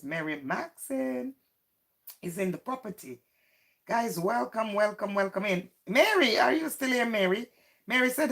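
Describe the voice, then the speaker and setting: Woman, live stream host, unhurried, mid-pitched, teasing banter with chat. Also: fairly bright tone. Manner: chatty, teasing, greets viewers by name. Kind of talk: casual live stream chat, reading out viewer comments.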